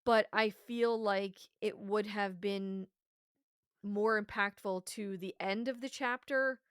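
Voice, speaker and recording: A woman's voice: mid-range voice, fairly even intonation, slow, a bit bright, clear, resonant tone, no echo, studio quality. A woman co-hosting a podcast in casual review chat, talking passionately and emphatically and swearing freely. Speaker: podcast co-host.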